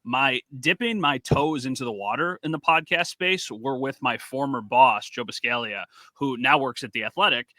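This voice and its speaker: Podcast co-host, male, animated anecdote teller, bright tone, dry booth. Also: medium pitch, moderate pace, hardly any pauses, dry recording. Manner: animated storyteller, acts out quotes. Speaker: podcast co-host and sports reporter. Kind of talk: casual podcast chat.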